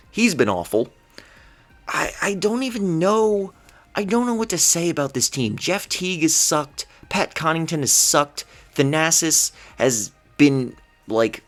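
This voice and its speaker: In a solo basketball rant on his vlog, a man with a mid-range voice sounds exasperated and incredulous. He fires off rhetorical questions and stammers when he gets flustered.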